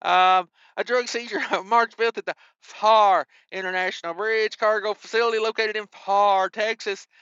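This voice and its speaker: High, crisp-voiced wisecracking news host. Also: male voice, steady tone, moderate pace, hardly any pauses, pushed and bright, no room sound, highs cut off. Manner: wisecracking, mild cussing asides. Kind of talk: reading news with joking commentary.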